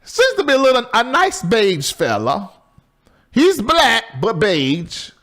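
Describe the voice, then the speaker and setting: Middle-aged man, talk show host, lively high pitch, casual monologue. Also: measured pace. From Southern US. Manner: loose, chatty and animated, swings between high exclaims and low asides.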